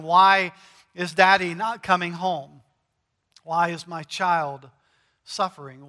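A pastor preaching a sermon, measured and emphatic, pausing to stress key words. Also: male voice, high voice, bright, forceful tone. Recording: long reverb of a large hall.

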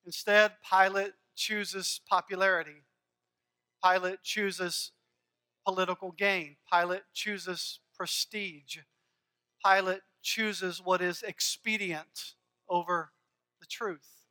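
A man's voice: high-pitched, fairly even intonation, takes it slowly, pushed and bright, clean tone. A man preaching a sermon as pastor, earnest and emphatic, building his points through rhythmic repeated phrases.

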